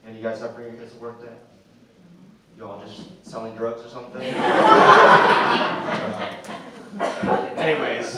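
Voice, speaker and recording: A young man doing a stand-up comedy set, talking casually with lots of fillers and acting out other people's lines. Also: medium pitch. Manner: conversational, acts out quoted voices, frequent "like" fillers. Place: theatre stage with audience laughing. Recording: roomy echo, distant mic, faint noise.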